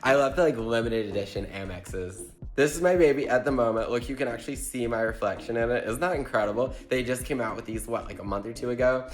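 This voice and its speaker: A man's voice: medium pitch, quick pace. A young man telling gossipy stories in a casual, chatty way, full of filler words. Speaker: vlogger. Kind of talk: casual storytelling. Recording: echoey room, faint music.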